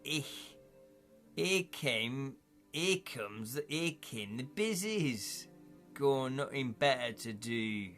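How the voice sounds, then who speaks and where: A man's voice: medium pitch, sing-song, takes it slowly, a bit bright, soft background music. A man putting on a poor Newcastle accent to play a local grumbling about the police. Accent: Newcastle, badly imitated.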